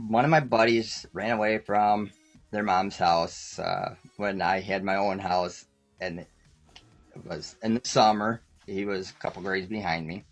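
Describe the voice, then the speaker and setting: A man guest on a talk show, telling rambling stories casually, often laughing and acting out quoted lines. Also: fairly low pitch. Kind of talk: casual storytelling.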